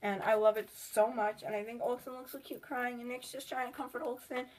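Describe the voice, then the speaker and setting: A woman's voice: on the high side, fairly even intonation, a little fast, darkish tone. A woman chatting casually in a vlog about her sketchbook, rambling and filling with "like". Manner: rambling, with many "like" fillers. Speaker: artist showing her sketchbook.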